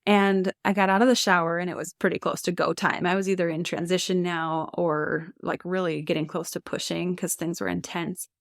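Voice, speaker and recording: A woman's voice: lowish voice, little pitch movement, fairly quick, gravelly, few pauses, no room sound, studio quality. A woman in her thirties, a podcast guest, telling her birth stories in a casual, chatty way with frequent laughs and lots of "like" fillers. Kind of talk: casual storytelling.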